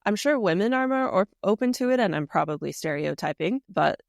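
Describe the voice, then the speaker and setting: A podcast host talking reflectively in casual conversation, often pausing on fillers as thoughts form. The voice has a noticeable gravelly fry. It is recorded dry and close. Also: mid-range voice, animated, dry recording. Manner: reflective and hesitant, many fillers.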